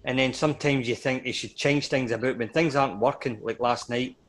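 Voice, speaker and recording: A man talks through a match in a casual conversation. His voice is a medium male pitch. He hedges and often stops short, unsure of his point. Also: steady tone, brisk. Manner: hesitant, unsure, trailing off. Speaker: football pundit. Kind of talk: casual football chat.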